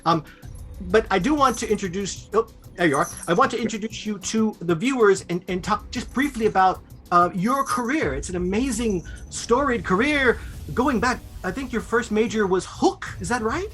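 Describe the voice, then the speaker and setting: Halting, eager interview host. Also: mid-range voice, animated, fairly bright tone, faint music behind. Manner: enthusiastic fan, halting restarts. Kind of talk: casual interview.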